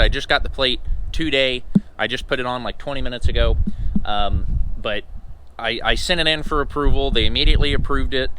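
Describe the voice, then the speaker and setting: A man's voice: medium pitch, background noise. A man who drives his own truck, talking casually and rambling a bit in a vlog from in and around his parked semi. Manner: rambling, loose and chatty. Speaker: owner-operator truck driver.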